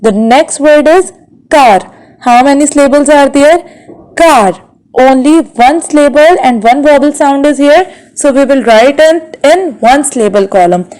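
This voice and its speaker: Woman, Bangladeshi English accent, high-pitched; patient teacher who drills words syllable by syllable. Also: darkish tone, poor audio. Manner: slow, carefully sounds out words syllable by syllable. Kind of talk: classroom lesson.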